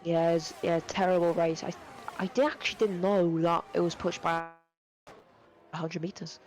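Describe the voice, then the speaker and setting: A man's voice: on the high side, flat delivery, moderate pace, low-quality recording. A young man giving live sim racing commentary, rambling with lots of fillers and self-corrections. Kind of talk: live esports race commentary.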